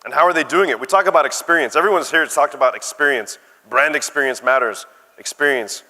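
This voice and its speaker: A middle-aged American man from Arizona gives a conference keynote, telling stories and tossing asides to the crowd. His voice is bright and forward, and it carries a long reverb from a big hall. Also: on the high side, quick pace. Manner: conversational storytelling with asides to the audience. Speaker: conference speaker. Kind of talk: keynote talk.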